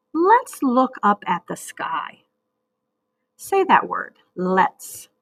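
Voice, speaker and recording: A woman teacher leading a recorded reading lesson for young children, speaking slowly and patiently and sounding out words. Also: medium pitch, vocal fry, pushed and bright, breathy edge, rough recording.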